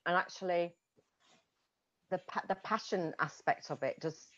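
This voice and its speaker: A woman's voice: lowish voice, a little slow, a bit bright. A woman, an executive coach and host, chatting enthusiastically over a video call and laughing often. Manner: enthusiastic, laughs often, restarts mid-phrase. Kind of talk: casual conversation. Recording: muffled lo-fi audio.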